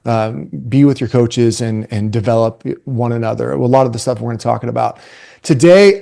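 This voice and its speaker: A man in his forties giving a casual webinar talk to youth coaches, retelling stories in a conversational, energetic way. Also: mid-range voice, creaky. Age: 40s.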